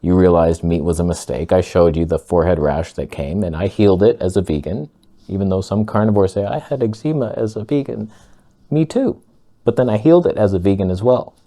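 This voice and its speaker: A man talking casually to camera as a vlogger, blunt, sarcastic and excitable. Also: sits low, a little fast.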